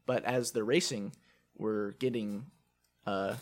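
A man co-hosting a podcast, recapping movies in casual chat with playful, animated storytelling. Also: lowish voice, slow pace. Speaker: podcast co-host.

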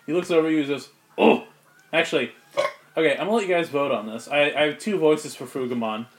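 Man running a tabletop game, higher voice. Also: fast. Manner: casual, laughing, slangy narration. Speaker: game master.

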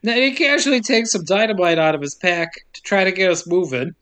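A woman's voice: on the low side, fairly quick, fairly bright tone. A woman hosting a podcast, retelling a movie plot with sarcastic asides and frequent laughter. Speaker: podcast host. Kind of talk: casual movie recap narration.

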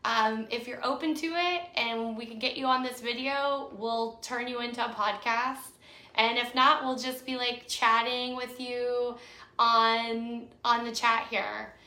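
A young woman co-hosting a podcast in a casual live chat, her voice worn raspy from yelling, bubbly and chatty with lots of fillers. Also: on the high side. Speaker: podcast co-host. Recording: echoey room.

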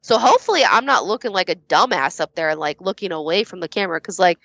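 A woman's voice: on the low side, expressive, quick pace, gravelly, a bit bright, slightly rough, no room sound, dull audio. A woman being interviewed as a guest judge, talking candidly, laughing often and swearing casually.

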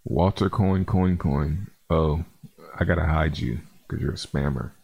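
A man's voice: very deep voice, a little slow, creaky, darkish tone, breathy edge. A man hosting a casual crypto livestream, reading viewer comments in a laid-back, chatty way and calling viewers man and bro.

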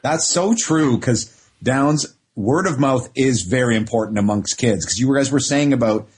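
A man co-hosting a podcast, telling excitable stories in casual chat with plenty of swearing. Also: medium pitch, moderate pace, husky. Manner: lively, swearing, excitable storytelling. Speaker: podcast co-host.

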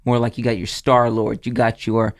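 A man's voice: medium pitch, monotone, normal speed. Male podcast co-host, casual studio chat, rambly and hesitant. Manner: rambling, searching for words.

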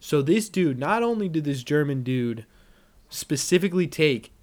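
Man, podcast co-host, casual chat, profane, excitable. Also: fairly high pitch, normal speed.

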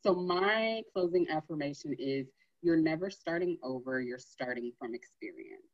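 A woman's voice: deep voice, moderate pace, no room sound, muffled recording. A woman co-hosting a casual podcast chat, supportive and affirming. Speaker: podcast co-host.

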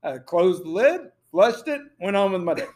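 A man's voice: high voice, moderate pace. A man co-hosting a podcast, telling a story in a giggly way with frequent laughter. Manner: giggly, animated storyteller who laughs often. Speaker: podcast co-host. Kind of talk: casual storytelling.

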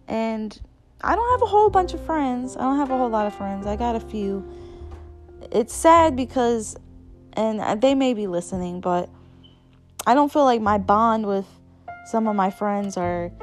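A woman's voice: mid-range voice, darkish tone. A young adult woman hosting her own podcast, talking candidly and casually about her life with many fillers and restarts. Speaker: podcast host. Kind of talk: casual solo podcast chat.

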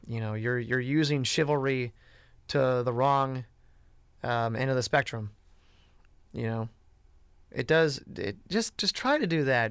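A man's voice: on the high side, a bit bright, clean tone, dry recording. A man talking casually and bluntly in a rambling way, with lots of "you know" and "like". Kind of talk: casual chat.

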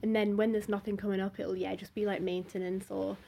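A young woman speaks as a podcast guest in a husky, slightly breathy voice, at an ordinary pitch for a woman. She thinks aloud, circling back and trailing off between phrases. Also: little pitch movement, brisk, warm tone. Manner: reflective, hesitant, trailing phrases. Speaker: session bassist guest. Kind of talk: casual podcast interview.

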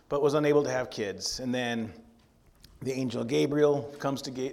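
A man preaching a sermon in a conversational way, retelling scripture with playful asides. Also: fairly high pitch. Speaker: pastor.

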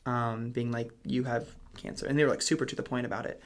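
A man's voice: medium pitch, little pitch movement, quick pace. A young man telling a personal story in a casual, rambling way, full of "like" and "um" fillers. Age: young adult. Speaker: guest telling his story.

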